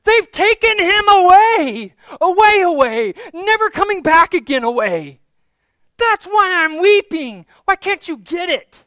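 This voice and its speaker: A man's voice: high voice, expressive, unhurried, gravelly, no echo, clean studio sound, heavily acted. A male preacher voicing a distraught grieving woman at an empty tomb, crying out in impassioned lament. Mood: exasperated. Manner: impassioned, near-shouting lament.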